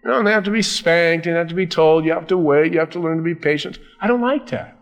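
Brief: male pastor, emphatic sermon delivery, slightly high voice, slows on key points. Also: highs cut off.

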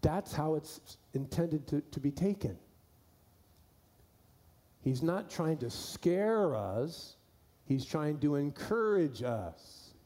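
A man's voice: fairly high pitch, very animated, takes it slowly, pauses often, warm tone. A man preaching a sermon to his church, folksy and repeating key phrases for emphasis. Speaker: pastor.

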